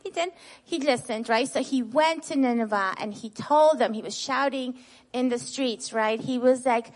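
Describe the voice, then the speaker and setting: Teaching a Bible lesson to kids, this woman speaks at a normal pace in a voice on the high side. She animates the story expressively, keeps adding "right?" to nearly each line, and answers her own questions after asking the children.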